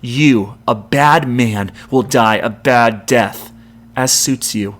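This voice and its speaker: Cold vengeful sorceress read by a man, flat, dead-eyed, unapologetic delivery. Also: medium pitch, slow. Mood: cold defiance.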